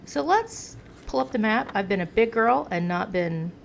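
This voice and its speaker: A woman's voice: mid-range voice, animated, moderate pace, gravelly, slight background noise. An American woman giving chatty gameplay commentary, talking to the game's hero the way she talks to a pet. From United States. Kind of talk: casual game commentary.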